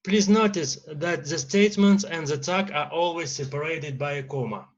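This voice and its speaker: A man with a Russian accent teaching an English grammar lesson, pausing often with "uh" fillers. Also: on the high side, dull audio. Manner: lecturing with many uh fillers and pauses.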